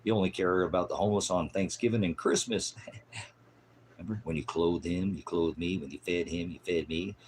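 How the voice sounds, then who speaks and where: Confrontational low-voiced male preacher. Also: steady tone, moderate pace, slight background noise. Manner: confrontational, mocking, scolding; swings from loud outbursts to low mutters. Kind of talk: fiery improvised sermon.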